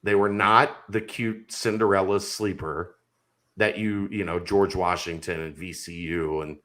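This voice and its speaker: Man, low pitch, bright tone, casual sports podcast guest, emphatic. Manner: emphatic, argumentative.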